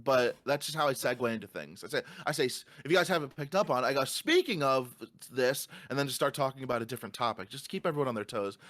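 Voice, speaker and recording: A man's voice: medium pitch, racing, few pauses, fairly bright tone, no echo, studio quality. A man co-hosting a podcast in casual chat, swearing freely and ranting through stories. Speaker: podcast co-host.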